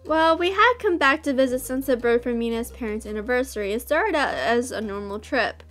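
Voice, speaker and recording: A woman reading the lines of a nervous, earnest young man about to marry, in a soft, hesitant manner. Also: fairly high pitch, lively intonation, fairly quick, soft background music.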